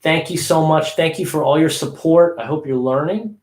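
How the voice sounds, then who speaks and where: A man teaching English pronunciation on a livestream, repeating words slowly for practice. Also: fairly high pitch, darkish tone, echoey room.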